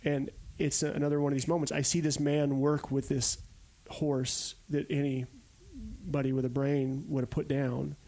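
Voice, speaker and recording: A man's voice: fairly high pitch, normal speed, few pauses, mellow. A man in his forties from Arizona, a podcast guest telling stories casually and animatedly, acting out the quotes. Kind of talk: casual storytelling.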